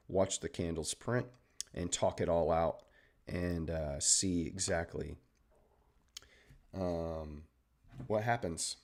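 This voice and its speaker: Deep voiced texan guy doing a live trading stream, laid back and chatty, walking through charts. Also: darkish tone. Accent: Southern Texan. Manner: easygoing, chatty, greets viewers and explains charts. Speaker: trading livestream host. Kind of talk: casual live trading commentary.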